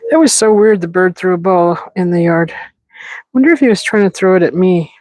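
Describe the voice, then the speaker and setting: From a desert yard, a livestream host talks casually with viewers, giggling and restarting a lot. Her lowish voice is fairly quick and a little mellow. There's no echo, but the recording is rough.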